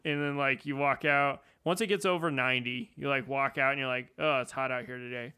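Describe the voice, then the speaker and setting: Bright, clear-voiced young man rambling. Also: medium pitch, fairly even intonation, brisk. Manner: rambling, leans on "like", acts out his own reactions. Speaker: podcast participant. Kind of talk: casual chat. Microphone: home mic on a remote podcast setup.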